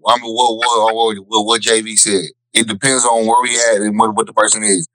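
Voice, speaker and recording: A man's voice: on the low side, level tone, a little fast, fairly bright tone, no room sound, rough recording. A man giving his earnest opinion in a casual group chat, restarting his sentences.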